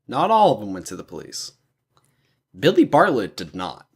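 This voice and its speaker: A man co-hosting a comedy podcast who drops in wry, quick interjections. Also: lowish voice, wildly swooping pitch, husky. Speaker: podcast co-host. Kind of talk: casual comedic chat.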